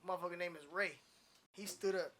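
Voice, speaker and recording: A man telling a long story on a casual podcast, animated, profane and rambling. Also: high-pitched, a little fast. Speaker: podcast guest.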